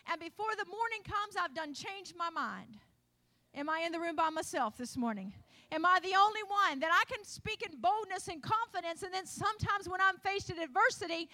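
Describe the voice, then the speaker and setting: A woman's voice: very high voice, bright, forceful tone. A woman preaching a sermon, retelling Bible stories and acting out the voices of the people in them.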